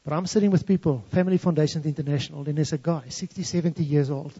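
Afrikaans south african guy telling a story, switching between languages, slightly high, rough and gravelly. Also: steady tone, quick pace, warm tone. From South Africa, Free State. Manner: switches between English and Afrikaans, acts out quoted voices. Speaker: speaker giving a testimony. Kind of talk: storytelling testimony. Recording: dull lo-fi sound in a reverberant hall.

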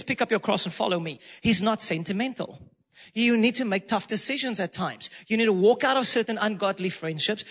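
Very high-voiced, bright preaching man. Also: long reverb tail. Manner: emphatic, swinging between loud declarations and quieter asides; laughs between points. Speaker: pastor. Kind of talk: preaching a sermon.

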